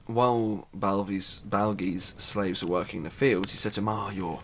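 A man's voice: lowish voice, steady tone, moderate pace, slight background noise. A man casually retelling a myth, chatty and irreverent, with asides and the odd swear. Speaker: storyteller.

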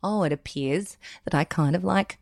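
A woman hosting a podcast in casual chat, chatty and quick to laugh. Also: on the low side, vocal fry, no room sound, studio quality. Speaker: podcast host.

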